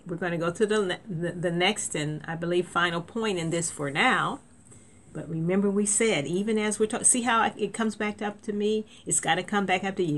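A woman's voice: medium pitch, brisk, a bit bright. A woman preaching a sermon in a conversational way, with restarts and sudden emphatic lifts.

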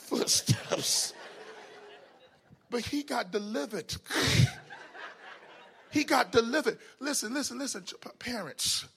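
A man preaching a humorous, storytelling sermon. He is folksy and conversational, laughs often, and swings from shouts to hushed asides. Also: very high-pitched, measured pace, gravelly, long pauses, slightly rough.

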